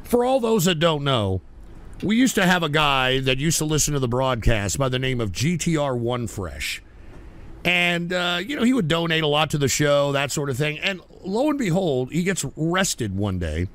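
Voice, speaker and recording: A man hosting a call-in show, loud, abrasive and swearing as he banters with callers. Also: on the high side, very animated, normal speed. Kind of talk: profane call-in radio banter.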